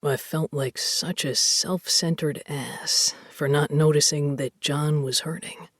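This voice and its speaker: Lady reading as a low, breathy rocker guy, tense and hurting, slow and halting. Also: fairly even intonation, dry recording, clean studio sound. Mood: somber. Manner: low, hushed, halting delivery. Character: brooding male rock bassist, tense and hurting. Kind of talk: audiobook character voice.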